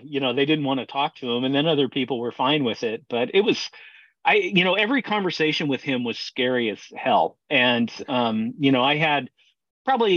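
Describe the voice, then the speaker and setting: A mid-pitched man tells long, meandering work stories and keeps breaking into laughter. The sound is slightly dull and very dry, with no room around it. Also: fairly bright tone, dry recording. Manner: rambling anecdotes with frequent laughter. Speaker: brewer, podcast guest. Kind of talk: casual storytelling interview.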